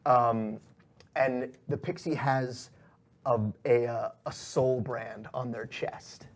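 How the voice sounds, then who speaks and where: A man's voice: mid-range voice, steady tone, slow. A man narrating as game master of a tabletop game, telling the scene loosely with lots of fillers. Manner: loose, filler-heavy storytelling.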